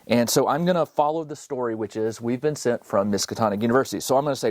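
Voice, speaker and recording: A man narrates a solo tabletop card game, moving between reading story passages and explaining his own choices. His speech is conversational, often broken by fillers and self-corrections. His voice sits at an ordinary mid pitch, and the recording is dry and close with no room echo. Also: fast talker, few pauses, darkish tone.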